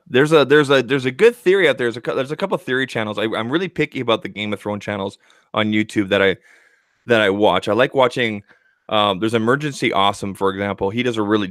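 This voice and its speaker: A man's voice: lowish voice, fairly bright tone, no room sound, studio quality. Chatty man from Canada on a stream. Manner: chatty, acts out quotes in funny voices. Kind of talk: casual chat.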